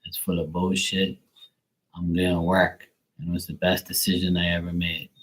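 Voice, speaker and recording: A man in his late forties telling blunt, profane stories on a livestream, putting on higher, louder voices for the people he quotes. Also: completely flat delivery, moderate pace, a little hiss or hum, rough recording. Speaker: livestream tarot reader. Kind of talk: casual livestream storytelling.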